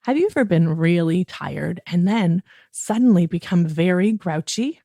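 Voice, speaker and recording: A woman hosting a children's bedtime podcast, gently coaxing a child listener through a relaxing wind-down routine. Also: lowish voice, expressive, unhurried, no room sound, studio quality.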